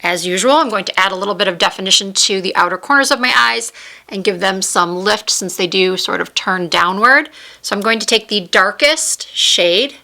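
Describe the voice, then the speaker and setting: A woman's voice: medium pitch, moderate pace, pushed and bright. A woman chatting casually as she tries new makeup on camera, narrating each step as she goes. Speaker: beauty vlogger. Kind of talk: casual makeup tutorial chat. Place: home room with a window.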